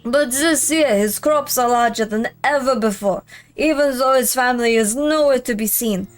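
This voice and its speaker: Grumbling gourd farmer, male, put-on Russian accent, a bit loud and high, played by a woman. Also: moderate pace, faint music behind, lightly acted. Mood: suspicious.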